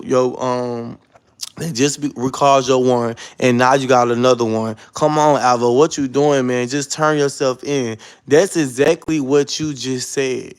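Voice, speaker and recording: High-pitched man ranting on livestream. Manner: defensive, repetitive, addresses viewers as y'all. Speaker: livestream host. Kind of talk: heated livestream rant.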